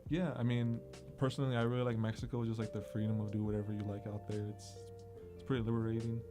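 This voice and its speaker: Easygoing young man, fast talker. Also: mid-range voice, flat delivery, music in the background. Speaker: dating show guest. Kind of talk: casual chat. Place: college radio studio.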